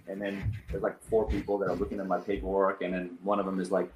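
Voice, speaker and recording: A man in his thirties who came to America from abroad, a guest telling animated stories in an interview and acting out what others said. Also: low-pitched, fast, few pauses, reverberant, slight background noise, low-quality recording. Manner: animated storyteller acting out quotes. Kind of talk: casual storytelling in an interview.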